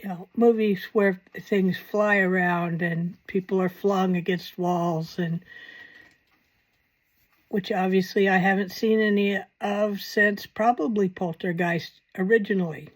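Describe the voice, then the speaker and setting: A woman's voice: medium pitch, steady tone, measured pace. A woman hosting a paranormal channel, talking in a casual, rambling commentary with wry, self-mocking asides.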